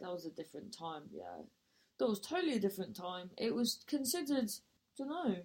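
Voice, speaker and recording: A woman's voice: medium pitch, a little mellow. A woman, a comedian and actor, telling a rambling story with self-mocking asides and casual swearing.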